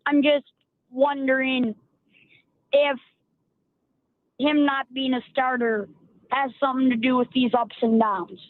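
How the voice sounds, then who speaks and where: A man calling into a sports radio show, talking in halting, stop-start sentences over a phone line. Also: very high voice, level tone, no room sound. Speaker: caller.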